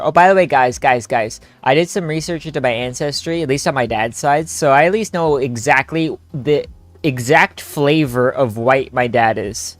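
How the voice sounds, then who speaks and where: A man's voice: mid-range voice, moderate pace, dry recording. A young man streaming a story game with friends, joking, laughing and rambling in casual chat. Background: faint game music.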